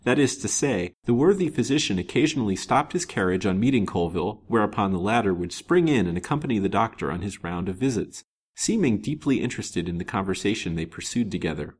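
A male storyteller reads an old novel aloud. His voice is low and husky, and it moves expressively through the sentences in an old-fashioned way. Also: lively intonation, fast talker. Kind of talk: storybook narration.

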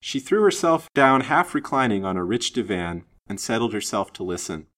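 A man with a low voice reads an old-fashioned novel aloud, steady and measured. He gives the prose an expressive lift as the story builds. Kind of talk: storybook narration.

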